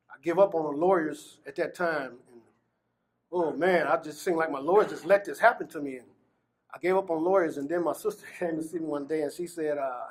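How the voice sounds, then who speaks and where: A man's voice: high-pitched, fast talker. A middle-aged man from Gary, Indiana, telling his personal story earnestly, often breaking into laughter as he recalls it. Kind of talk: personal testimony.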